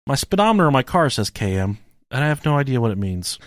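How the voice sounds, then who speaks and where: A man's voice: medium pitch, quick pace, dry recording. A man co-hosting a podcast in crude, casual banter, profane and joking as he tells stories. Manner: profane, joking, lively storytelling. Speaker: podcast co-host.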